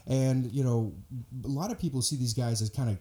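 A man's voice: medium pitch, a little fast, warm tone. A man guesting on a podcast, telling rambling stories full of restarts in casual chat. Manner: rambling storyteller, many restarts. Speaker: podcast guest, comedy club staff.

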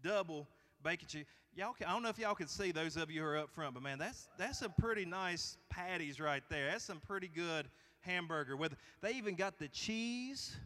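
Folksy pastor in a reverberant hall. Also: male voice, high voice, pushed and bright. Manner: folksy and conversational, joking with the congregation. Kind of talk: sermon. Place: church sanctuary.

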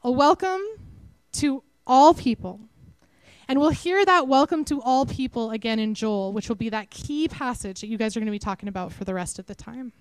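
A woman with a Texan accent giving a conversational, animated sermon to her church. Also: on the high side, quick pace, hardly any pauses, clear, resonant tone, dry recording, poor audio. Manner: conversational, animated, self-deprecating. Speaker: preacher.

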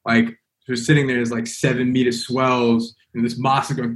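Young male guest, rambling casual storyteller, mid-pitched voice. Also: fairly even intonation, moderate pace, hardly any pauses, fairly bright tone. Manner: rambling, full of "like" and "you know".

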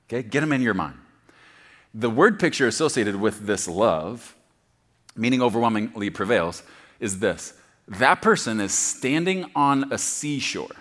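A middle-aged male pastor delivering a sermon at an unhurried pace. His lively voice climbs high and loud for emphasis, then drops to hushed whispers.

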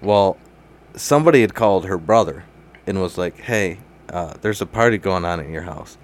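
A man's voice: deep voice, lively intonation, moderate pace. A young man telling a wild story in casual chat, laughing often, swearing freely and calling everyone dude. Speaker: guest.

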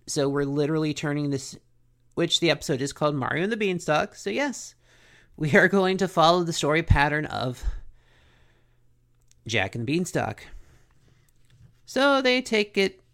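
A podcast host recapping a cartoon episode in a joking, animated way. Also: mid-range voice, moderate pace, long pauses. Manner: animated, joking, self-questioning.

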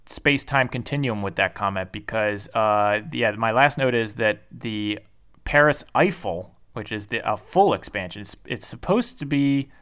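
A man co-hosting a board game podcast, talking in a rambling, halting way with lots of fillers. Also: on the low side, lively intonation, a bit bright, clear, resonant tone. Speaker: podcast co-host.

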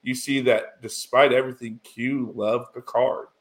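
A man's voice: mid-range voice, fairly even intonation, measured pace. A man recapping a TV episode in casual chat, rambling with many restarts and fillers, getting emotional. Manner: rambling, full of "you know" and restarts, emotional.

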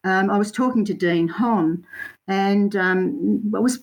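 A woman's voice: medium pitch, slow pace, rough recording. An Australian woman, a guest artist, telling her story in a rambling, self-correcting way with local slang. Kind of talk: casual interview chat.

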